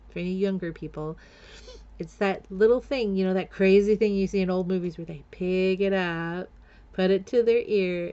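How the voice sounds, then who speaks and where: Gravelly middle-aged woman telling her story. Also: medium pitch, dark tone, lo-fi sound. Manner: candid and blunt, laughing between lines. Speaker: vlogger. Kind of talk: personal storytelling vlog.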